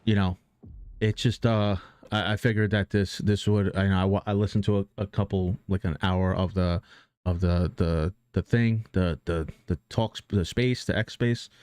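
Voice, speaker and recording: Low-voiced man giving rambling pep talk. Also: fairly even intonation, moderate pace, a little mellow, smooth. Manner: rambling and earnest, many restarts and fillers, casual swearing. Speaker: streamer. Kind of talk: casual motivational talk on a live stream.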